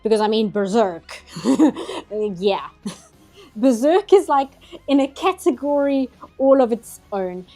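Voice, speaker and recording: A woman's voice: fairly high pitch, expressive, slow, dark tone. A woman, hosting a casual livestream chat and talking easily with frequent laughs. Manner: chatty, laughs often, mock outrage. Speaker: livestream host.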